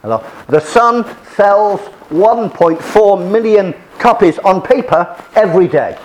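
Chatty male lecturer, slightly high voice. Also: expressive, measured pace, darkish tone, a little hiss or hum, rough recording. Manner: chatty, repeats and restarts phrases, mixes in French asides. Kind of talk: classroom lecture with slides.

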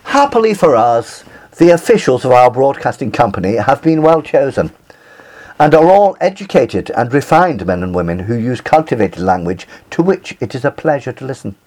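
A man putting on a posh haughty old gentleman. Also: mid-range voice, big pitch swings, moderate pace. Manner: stiff imitation of a cultivated upper-class accent. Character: posh older British gentleman, refined and haughty.

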